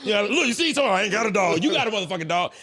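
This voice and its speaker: A man's voice: high-pitched, big pitch swings, racing, sharp tone, slightly rough. A man hosting a podcast, teasing his guest in casual, profane banter, on a close mic. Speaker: podcast host. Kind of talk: casual interview chat.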